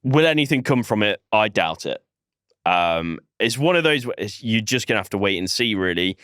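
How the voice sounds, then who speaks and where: A man's voice: on the low side, lively intonation, normal speed, fairly bright tone, clean tone, no room sound, studio quality. A man co-hosting a podcast, talking in a laid-back, blunt way with swearing and jokes. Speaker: podcast co-host. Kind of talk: casual political podcast chat.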